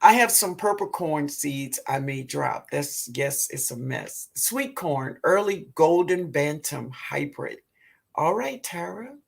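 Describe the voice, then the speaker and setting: A woman with a New Orleans accent hosting a live gardening show, reading viewer comments aloud in a relaxed way and calling people baby. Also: low-pitched, slow, creaky, husky. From Louisiana, US. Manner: calls viewers baby, laughs often. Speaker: gardening livestream host.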